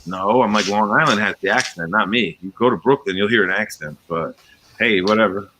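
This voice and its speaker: A man's voice: on the low side, brisk, pushed and bright. A man with a slight New York area accent, from coastal Connecticut, hosting a livestream and rambling through anecdotes with lots of fillers and acted-out quotes. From coastal Connecticut near New York. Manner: rambling storyteller, many fillers, acts out quoted voices. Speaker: livestream host. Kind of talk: casual chat while building.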